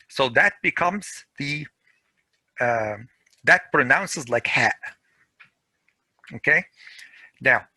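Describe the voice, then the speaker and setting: A man's voice: medium pitch, pushed and bright, breathy edge, dry recording. Middle-aged male grammar teacher, online class, dry and close mic. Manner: slow, patient, repeats examples. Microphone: video call.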